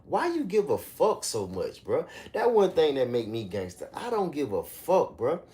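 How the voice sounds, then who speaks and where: Profane, animated man ranting on a livestream. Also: normal speed. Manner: animated, profane, mocking rants with sudden high-pitched outbursts. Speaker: livestream host. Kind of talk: casual livestream commentary.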